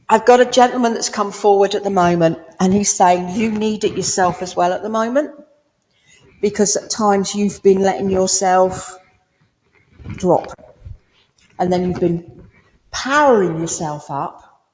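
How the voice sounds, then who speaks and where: A woman's voice: medium pitch, darkish tone. Woman medium in an echoing hall. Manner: chatty, down-to-earth, addresses listener directly. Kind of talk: spiritualist mediumship reading. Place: village hall. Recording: long hall reverb.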